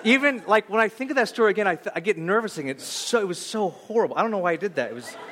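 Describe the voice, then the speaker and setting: A pastor in his thirties preaching with a high, light voice. He tells a story with animated, self-deprecating energy, stumbling through restarts when he turns reflective. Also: very fast, some chatter behind, slight background noise. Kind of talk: sermon.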